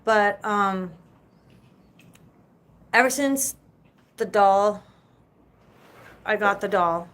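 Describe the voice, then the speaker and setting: A woman's voice: medium pitch, extremely slow, long pauses, fairly bright tone, poor audio. A woman and mother hosting a casual live chat, talking in a loose, rambling way and swearing freely. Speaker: livestream host.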